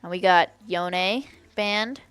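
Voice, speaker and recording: A young woman giving excitable, giggly color commentary with quick reactions during a live esports broadcast. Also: fairly low pitch, smooth, no room sound.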